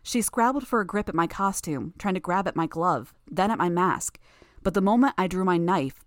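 A woman narrating a first-person novel in a tense, steady reading. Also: on the low side, no room sound, studio quality. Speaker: audiobook narrator.

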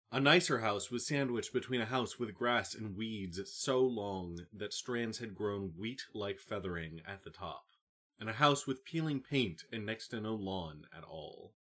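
A man narrating a novel audiobook in a calm, even reading. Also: on the low side, breathy edge. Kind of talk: scripted narration.

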